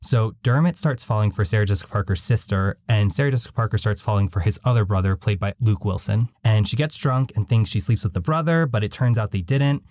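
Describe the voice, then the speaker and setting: A man with a fairly low, slightly mellow voice talks quickly with hardly any pauses, and there's no echo. He's a podcast host recapping films in casual commentary, telling it in a chatty, wry storytelling style.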